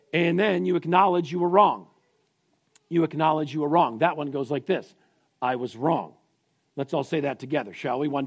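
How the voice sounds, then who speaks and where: A middle-aged male pastor preaching to families with a somewhat high voice. He leads the congregation in call-and-response repetition, in a plain-spoken, teaching way with the odd restart. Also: husky. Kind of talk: family sermon.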